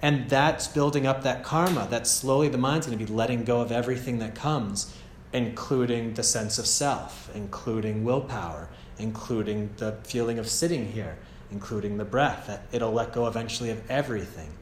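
A man with an American accent giving a gentle, casual meditation teaching at a retreat, often checking in with "yeah?". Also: medium pitch, moderate pace, hardly any pauses, a little hiss or hum. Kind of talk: relaxed meditation talk. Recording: echoey room, faint ambience.

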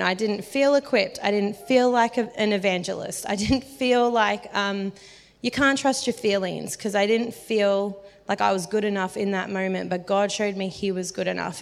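A woman preaching a sermon, telling self-deprecating stories in a chatty way and laughing often. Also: mid-range voice. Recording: long hall reverb.

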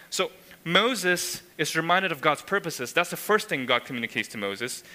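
Bright-voiced preacher in an echoing church. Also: male voice, a little high. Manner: emphatic, frequent tag questions, voices God's words. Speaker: pastor. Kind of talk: sermon. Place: church sanctuary. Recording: long hall reverb.

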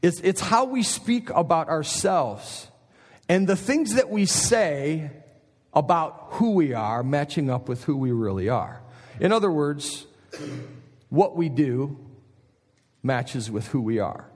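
A middle-aged male preacher with a fairly high voice, telling an animated story from the pulpit and turning often to the congregation with asides. His words ring out with a long chapel reverb. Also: takes it slowly. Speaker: pastor. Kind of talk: sermon. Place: college chapel.

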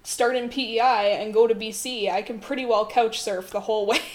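A woman's voice: a little high, steady tone, a little fast, crowd noise. A young woman from Ontario, a podcast guest recalling her restaurant job, easygoing and laughing often. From Ontario, Canada. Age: young adult. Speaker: podcast guest, former theme park restaurant worker. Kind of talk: casual podcast chat.

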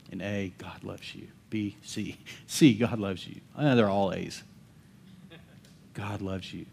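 A man preaching a sermon as pastor, emphatic and swinging between bold calls and hushed asides, often calling to the congregation for amens. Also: lowish voice, vocal fry, a little hiss or hum.

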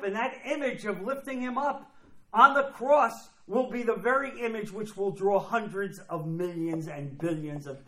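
A man's voice: high-pitched, a bit bright. A man preaching a sermon emphatically, repeating phrases and acting out quoted voices. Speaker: pastor. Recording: echoey room.

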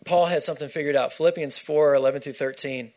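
A man's voice: a little high, steady tone, fast. A man preaching a sermon, emphatic and repeating key phrases for stress.

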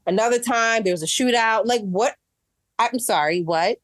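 A woman telling a story in casual chat, animated and acting out what people said, getting exasperated as she goes. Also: a little high, moderate pace, no room sound, clean studio sound. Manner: animated, acts out quotes, rising exasperation. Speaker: guest.

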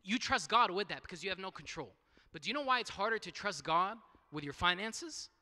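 A man's voice: high-pitched, animated, fairly quick, pushed and bright, in a large hall. A man preaching a sermon in a conversational way, asking rhetorical questions and restarting his phrases. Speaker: pastor.

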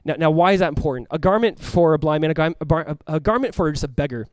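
Fast-talking animated preacher man. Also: fairly high pitch, dry recording. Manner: animated, acts out voices of the crowd and the blind man; swings from loud cries to hushed earnest tones. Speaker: pastor. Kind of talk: sermon.

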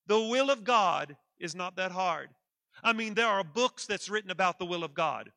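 High, bright-voiced preaching man. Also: dry recording, clean studio sound. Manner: emphatic, repeats key phrases, leads the congregation in call-and-response. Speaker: pastor. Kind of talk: sermon.

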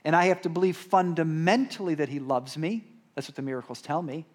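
Male pastor, slightly high voice, chatty sermon delivery with big emphatic swells and hushed slow asides. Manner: conversational preaching with rhetorical asides and repeated "right?"; swings between emphatic rises and quiet, slowed-down drops.

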